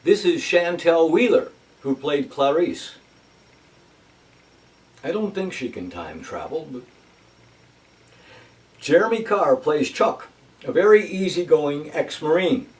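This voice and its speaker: A man's voice: on the high side, very animated, takes it slowly, pauses often. Brief: male vlog host and actor, casual and wry, sits back from the mic. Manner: chatty, wry asides. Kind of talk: casual personal update. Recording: voice from a distance off mic.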